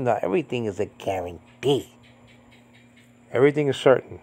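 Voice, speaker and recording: A man in his fifties, from Puerto Rico, giving an informal Bible teaching, rambling with lots of "I mean, you know" and jumping to a high emphatic pitch on key points. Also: expressive, normal speed, pauses often, a little mellow. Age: 50s.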